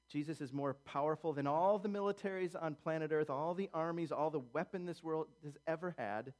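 A man preaching a sermon as a pastor, earnest and emphatic, pressing his points home and dropping into quieter asides. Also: fairly high pitch.

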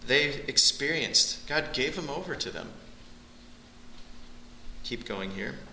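Male Bible teacher, piercingly bright voice, animated expository style, echoey room. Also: slow pace, creaky, a little hiss or hum. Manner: animated, surges in pitch on key points.

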